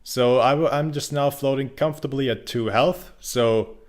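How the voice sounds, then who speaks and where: A man's voice: medium pitch, normal speed. A young man casually commenting on his gameplay, rambling and joking, with frequent restarts. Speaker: game streamer.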